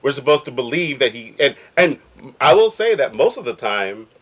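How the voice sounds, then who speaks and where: Male co-host, bright and forceful tone, very lively pitch, emphatic. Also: moderate pace. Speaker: podcast co-host. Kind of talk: casual chat.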